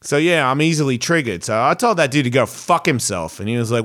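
A man's voice: mid-range voice, animated, quick pace, fairly bright tone. A man hosting a podcast, telling a story in a rambling, self-reflective way. He swears freely and often restarts his sentences. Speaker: podcast host. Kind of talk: casual storytelling monologue.

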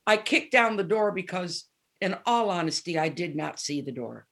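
A woman's voice: fairly low pitch, normal speed. A woman in her seventies telling candid stories as a guest in a casual interview, acting out the lines of people she quotes. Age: 70s. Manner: candid, animated storyteller who acts out quoted dialogue. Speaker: guest musician.

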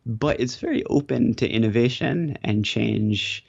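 A man as a guest in a casual interview, polite and measured, with frequent ums. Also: medium pitch, vocal fry, a little mellow, breathy edge. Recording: dull lo-fi remote audio.

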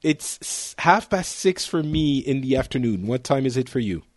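A man hosts a relaxed international panel show, joking and teasing his guests with quick asides. His voice sits at an ordinary middle pitch, recorded close and dry with no room sound. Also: no room sound. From France. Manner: playful, teasing, quick to laugh. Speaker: podcast host. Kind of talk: casual panel chat.

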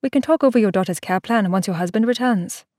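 A woman voicing a calm, firm female doctor in an audiobook, speaking in measured, even tones. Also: mid-range voice, no room sound, studio quality, natural voice. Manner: measured, even, growing sharp and insistent. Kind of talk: audiobook character voice.

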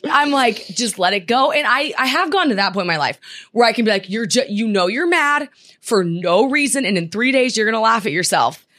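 Brief: young woman podcast co-host, animated storyteller, a little high-pitched. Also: fairly quick. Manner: animated storyteller, acts out quoted dialogue. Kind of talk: casual chat.

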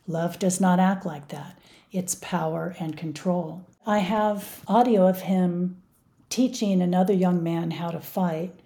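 As the mother of a victim, this middle-aged woman is being interviewed, and she talks with earnest emphasis. Her voice sits lowish and has a dark tone.

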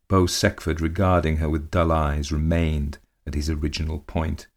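Male narrator, very low voice, measured dramatic storyteller for a period tale. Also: little pitch movement.

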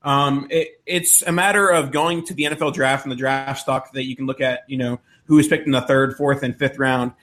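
A man's voice: medium pitch, steady tone, a little fast, few pauses, a bit bright. A man co-hosting a podcast, steadily laying out his analysis in casual chat. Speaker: podcast co-host.

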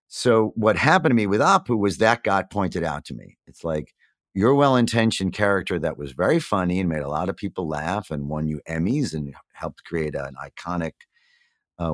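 A middle-aged man with a low voice speaks in a candid, conversational interview. He is reflective and searches for his words, with plenty of fillers and restarts. The sound is dry and close, with no room around it. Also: no echo. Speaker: guest.

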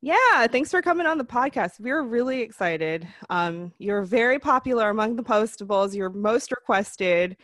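A woman's voice: fairly high pitch, animated, moderate pace, hardly any pauses, a bit bright, no room sound, clean studio sound. A woman hosting a casual podcast, introducing her co-hosts and guest with bubbly enthusiasm. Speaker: podcast host.

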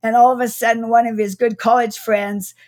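A middle-aged woman with a fairly high voice tells a story from her childhood as a guest in an interview. She is reflective and warm, pausing to restart her sentences and laughing softly now and then. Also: little pitch movement. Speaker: guest author.

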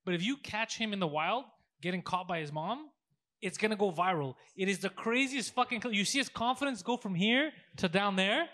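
A man in a casual podcast chat, telling crude, animated stories and acting out the people in them. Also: high voice, fairly quick.

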